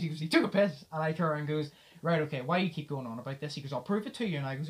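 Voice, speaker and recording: A man's voice: on the high side, rapid-fire. A young man hosting a podcast, telling a story in casual chat and acting out the dialogue, swearing and laughing as he goes. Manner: animated retelling, acts out the dialogue. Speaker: podcast host.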